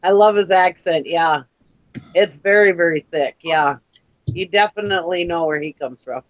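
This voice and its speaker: A man's voice: on the high side, moderate pace, no room sound, dull audio. A man from Minnesota with a Minnesotan accent, chatting casually on a live show, laughing often and repeating words for emphasis. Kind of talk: casual chat.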